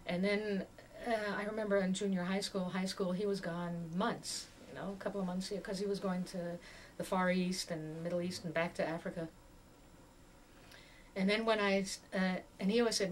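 Woman, 60s, from Tanganyika, oral history interviewee; lively storyteller, quick to laugh; mid-pitched voice, heard from a distance over faint noise. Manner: animated storyteller, laughs often while talking. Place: museum interview room.

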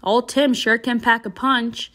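A woman voicing a cocky, tough teenage boy from a novel, with a loud, offhand delivery. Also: fairly high pitch, little pitch movement, a little slow, pitched above the performer's own voice.

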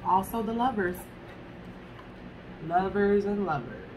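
A woman of average pitch talks through a tarot card reading in a loose, chatty manner. She speaks straight to her viewers and swears casually as she goes. A faint hiss sits under her voice. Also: slow pace. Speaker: tarot reader.

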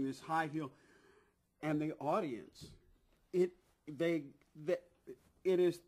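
Animated man telling a backstage story. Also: fairly high pitch. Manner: animated, acts out quoted voices, frequent restarts. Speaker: interviewee telling stories. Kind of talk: anecdotal storytelling.

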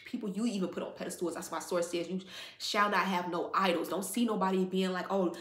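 A woman's voice: lowish voice, steady tone, brisk, a bit bright. A woman doing a casual spiritual card reading, rambling and heartfelt, with "like" in nearly every phrase. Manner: rambling, filler-heavy, heartfelt, says "like" constantly. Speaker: tarot card reader. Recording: echoey room.

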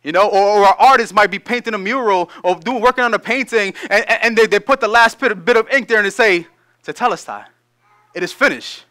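A male pastor delivering a sermon in a high, bright voice. He reads scripture at a measured pace, then breaks into casual, energetic explanation.

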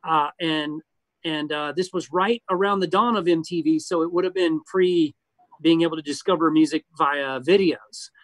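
A man's voice: fairly high pitch, normal speed, dry recording. A man from Georgia, casually and candidly reminiscing as an interview guest. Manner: relaxed, candid, profane reminiscing. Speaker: guest musician.

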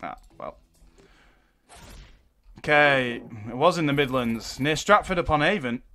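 A young man does excitable live gameplay commentary as a gaming YouTuber, swearing and exclaiming whenever things go wrong. His pitch is fairly high and his pace measured.

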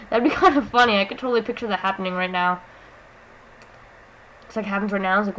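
A woman's voice: medium pitch, fast, long pauses, a bit bright, rough recording. A young woman giving goofy, teasing commentary over her own gameplay, mocking strangers and then taking it back. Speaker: gaming YouTuber.

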